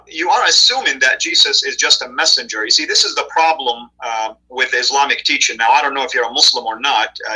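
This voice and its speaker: A man's voice: mid-range voice, pushed and bright, breathy edge, poor audio. A man appearing as a guest on a live discussion, answering questions in an assertive, emphatic way. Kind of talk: apologetics debate talk.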